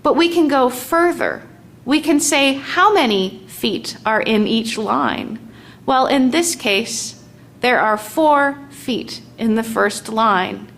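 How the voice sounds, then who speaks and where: Slow, deliberate woman teaching a lesson. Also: fairly high pitch, animated, a bit bright. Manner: slow and deliberate, tapping out stresses aloud. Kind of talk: explaining poetic meter in a lesson.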